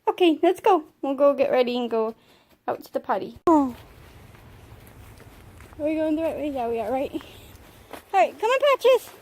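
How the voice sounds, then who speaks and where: A woman's voice: sits high, moderate pace, long pauses, warm tone. A young woman chatting casually to the camera in a vlog, switching to short, praising commands for her service dog. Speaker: vlogger and service dog handler.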